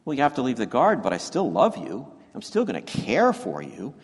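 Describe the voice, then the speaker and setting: A male pastor voicing God in a retold Bible story, gentle and warm-hearted, in his own plain voice. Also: mid-range voice, huge pitch swings, fairly quick, slightly rough, exaggerated voice. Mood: tender. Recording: echoey church hall.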